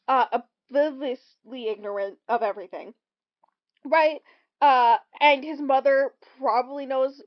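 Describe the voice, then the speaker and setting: A woman co-hosting a podcast, casually recapping a film with lots of ums and quick acted-out quotes. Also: on the high side. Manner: rambling, lots of ums, acts out quotes in bursts. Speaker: podcast co-host. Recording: dull lo-fi recording.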